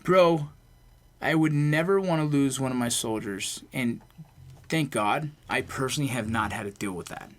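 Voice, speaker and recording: A veteran turned actor guests on a casual podcast in Los Angeles, telling stories with intense, animated energy and swearing freely. His mid-range voice moves at normal speed.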